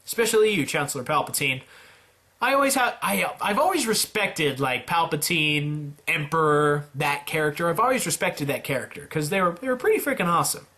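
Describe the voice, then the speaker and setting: A man doing casual, playful play-by-play commentary on a simulated game, with jokey asides and sudden jumps in pitch. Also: expressive, a little fast, sharp tone. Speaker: YouTuber narrating a simulator game.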